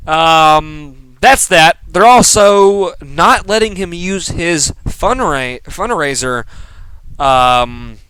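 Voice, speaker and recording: Young male podcast host, sarcastic and rambling, slow delivery, clean voice. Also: on the high side, animated, pushed and bright, smooth, no echo, poor audio. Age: young adult. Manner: rambling and sarcastic, many ums and restarts. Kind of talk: casual news commentary monologue.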